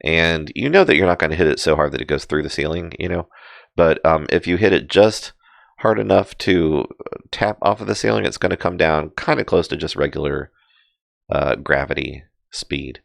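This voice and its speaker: A man's voice: extremely low pitch, normal speed, creaky, dry recording, clean studio sound. A man giving casual live crypto chart commentary, rambling with many fillers and self-deprecating asides. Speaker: crypto market streamer.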